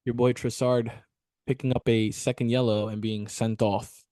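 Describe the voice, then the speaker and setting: A man's voice: medium pitch, flat delivery, normal speed, mellow, dry recording, studio quality. A man co-hosting a football podcast, laid-back and ribbing his co-host. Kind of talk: casual football chat.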